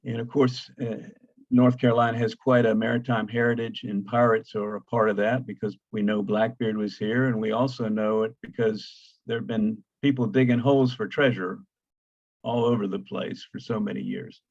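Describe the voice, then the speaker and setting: An older man giving a slide lecture, his low voice full of ums, false starts and calls for the next slide. The sound is dull and lo-fi, very dry, with no room around it. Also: level tone, a little mellow, no echo. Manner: halting, many fillers and restarts. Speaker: guest lecturer, archaeologist. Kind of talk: slide presentation talk.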